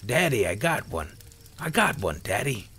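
A man voicing an excited five-year-old farm boy who shouts in a raised, high voice. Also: normal speed, a little hiss or hum. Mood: excited shouting.

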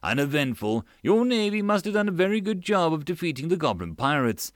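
A man's voice: on the high side, big pitch swings, brisk, dry recording, studio quality, voice pushed up. A man voicing a flirtatious, pompous male fleet master who speaks in flowery, eager compliments. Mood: charming.

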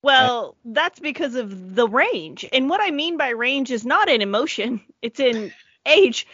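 A woman's voice: sits high, animated, unhurried, a bit bright, husky, no echo, highs cut off. A woman, a mother and podcast guest, making dry, wry quips in casual chat.

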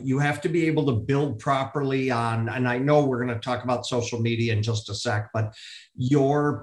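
A man hosting a podcast interview, talking in a friendly, rambling way. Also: mid-range voice. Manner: friendly, rambling, self-deprecating. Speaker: podcast host. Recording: roomy echo.

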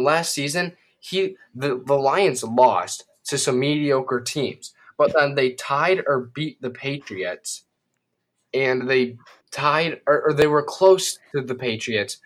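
A man's voice: mid-range voice, a bit bright. A man co-hosting a casual football preview, loose and easily surprised, laughing often. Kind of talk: casual sports chat.

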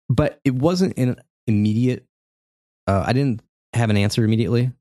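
A man in his forties casually recapping a video game for a podcast, telling the story with animated energy and frequent laughter. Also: mid-range voice, normal speed, dry recording, clean studio sound. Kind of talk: casual chat.

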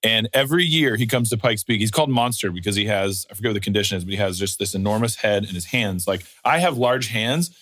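A man, a former hill-climb racer, telling animated, jokey stories in casual chat and swearing freely. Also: fairly low pitch, fast, hardly any pauses, dry recording.

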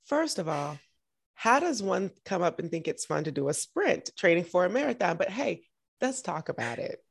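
Woman podcast host, husky and a little low, earnest and encouraging, casual chat. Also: sing-song, normal speed.

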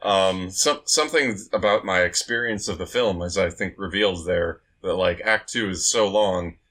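A man co-hosting a podcast in casual chat, measured and thoughtful. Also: low voice, a bit bright. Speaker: podcast co-host.

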